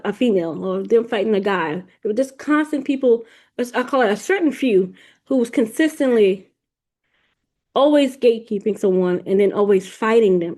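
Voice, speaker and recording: With a fairly high, mellow voice, a female podcast host shares a spiritual vision as a casual, rambling story, frequently repeating herself and restarting sentences.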